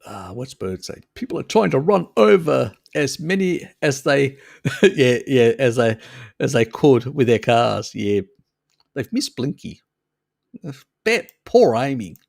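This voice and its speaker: A man's voice: mid-range voice, expressive, a little slow, vocal fry, a little mellow, dry recording, studio quality. A man hosting a casual live stream, chatting with viewers, laughing often and swearing freely.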